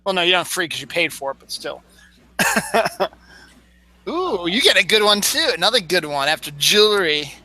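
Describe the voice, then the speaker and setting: A man's voice: high voice, very animated, normal speed, long pauses, bright, forceful tone. A man co-hosting a casual podcast, laughing often as he jokes. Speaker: co-host.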